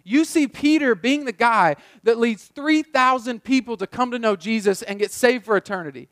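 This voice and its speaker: A man with a noticeably high voice preaches a sermon in a relaxed, chatty storytelling manner. He often restarts and repeats words mid-thought. The sound is dry and close, with no room echo. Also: moderate pace, hardly any pauses. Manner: conversational storytelling, repeats words while thinking. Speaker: pastor.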